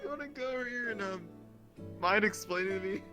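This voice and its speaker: A man's voice: high voice, quick pace, music in the background. A man chatting casually out of character after a role-play session, swearing freely and laughing as he recounts the game. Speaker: tabletop role-play player.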